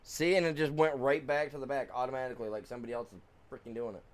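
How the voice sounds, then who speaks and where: Guy streaming a farm sim, mutters then yells at the game, average pitch. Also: steady tone, rapid-fire. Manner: frustrated grumbling, swings between mutters and loud outbursts at the game; sings along off-key to music. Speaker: gaming streamer. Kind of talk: casual live-stream commentary.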